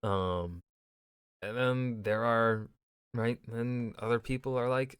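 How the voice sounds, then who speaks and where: A man's voice: mid-range voice, steady tone, slow pace, a bit bright, clear, resonant tone, no echo, studio quality. A man reacting to a history video, chatting loosely with plenty of swearing and "right?"s. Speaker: YouTube host reacting to a video. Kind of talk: casual reaction commentary.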